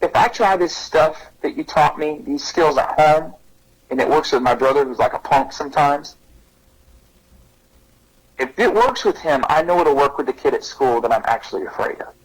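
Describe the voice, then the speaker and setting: Man doing a sincere, eager young boy in an anecdote, pitched up a little, husky. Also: lively intonation, normal speed, poor audio. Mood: earnest. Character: earnest seventh-grade boy, serious and eager.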